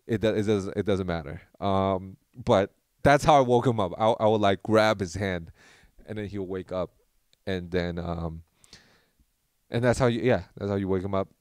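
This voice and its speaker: A young man, a podcast host, tells a rambling, animated story in casual chat and acts out what people said. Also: on the low side, normal speed, no room sound, clean studio sound.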